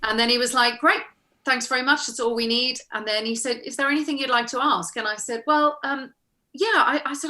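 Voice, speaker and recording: Bright-voiced chatty actress. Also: female voice, high-pitched, steady tone, a little fast. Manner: chatty, acts out quoted exchanges, laughs often. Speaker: guest actress. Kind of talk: casual interview storytelling.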